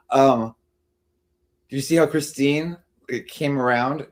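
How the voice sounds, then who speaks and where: A man hosts a livestream, chatting casually to a live audience and rambling with lots of fillers and restarts. His voice is mid-range and his pace measured.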